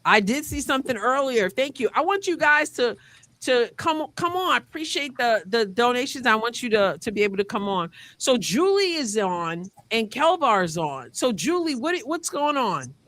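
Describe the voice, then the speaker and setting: A woman's voice: on the high side, very animated, moderate pace, fairly bright tone. A woman hosting a live sports call-in stream. She chats, reads comments and repeats phrases as she goes. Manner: upbeat, chatty, repeats words while reading comments. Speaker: host.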